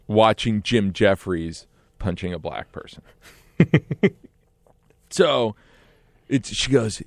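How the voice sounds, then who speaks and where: A middle-aged man telling a casual story in an animated way, often laughing and acting out what others said. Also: on the low side, slow pace, vocal fry, long pauses, no room sound. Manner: animated, laughs often, acts out quoted voices.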